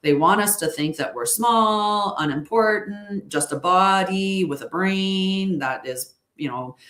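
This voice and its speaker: A woman's voice: mid-range voice, slow, fairly bright tone, reverberant. A woman leading a group spiritual session, explaining ideas in a conversational way and often checking in with the listener. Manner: conversational, keeps checking in with "right?". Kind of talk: casual spiritual talk.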